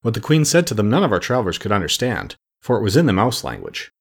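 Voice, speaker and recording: A man reading a storybook aloud in a measured, steady narration. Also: fairly low pitch, vocal fry, breathy edge. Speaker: audiobook narrator.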